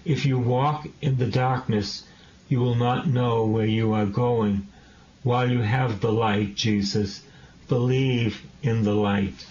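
A man's voice: mid-range voice, steady tone, takes it slowly, a little mellow. A man preaching a sermon, repeating phrases and asking rhetorical questions with passion. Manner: repetitive, impassioned exhortation with rhetorical questions. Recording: dull lo-fi recording.

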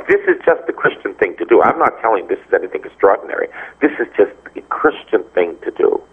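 Heard through dull lo-fi radio sound, a man with a fairly low, slightly rough voice talks fast with few pauses. He's a priest giving a Bible teaching, animatedly telling stories and voicing the people he quotes.

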